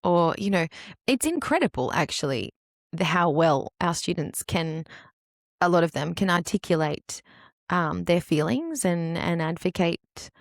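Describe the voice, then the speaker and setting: A woman in her thirties hosting a solo podcast, talking candidly and with feeling, her voice brightening whenever she quotes other people. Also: fairly low pitch, measured pace, gravelly, no echo, studio quality. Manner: earnest, candid, animated when quoting others. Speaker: podcast host and dance teacher.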